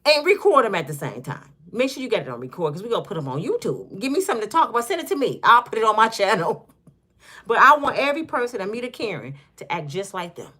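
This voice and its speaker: A woman's voice: a little high, sing-song, fast talker, bright, forceful tone. A woman in her fifties hosting her own channel, talking in a casual, joking way and acting out little scenes as she goes. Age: 50s. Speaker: channel host. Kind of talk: casual commentary vlog.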